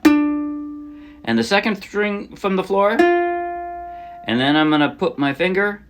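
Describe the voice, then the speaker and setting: A man teaching a song on ukulele in a relaxed, casual way, often correcting himself as he explains. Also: sits high, slow pace, over loud music. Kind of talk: casual instructional talk. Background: his own ukulele playing.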